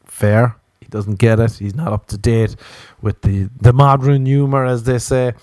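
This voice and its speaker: A man's voice: medium pitch, flat delivery, measured pace, darkish tone, no room sound. Profane Irish man, dry close sound. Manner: profane, rambling, tangent-hopping. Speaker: podcast host. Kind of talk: rambling comedic monologue.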